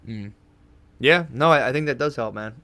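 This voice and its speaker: A man in a relaxed podcast chat, rambling through his thoughts with plenty of casual swearing and "dude". His voice sits at an ordinary middle pitch, and the recording is close and dry with no room sound. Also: normal speed, no room sound. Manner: rambling, laid-back, swears a lot, says "dude". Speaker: podcast guest. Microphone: podcast studio microphone.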